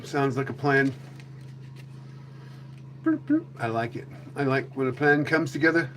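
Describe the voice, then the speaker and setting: A man's voice: medium pitch, brisk, fairly bright tone, a little hiss or hum. A man chatting casually with viewers on a live stream, rambling and joking with mild swearing. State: a little out of breath after chasing goats.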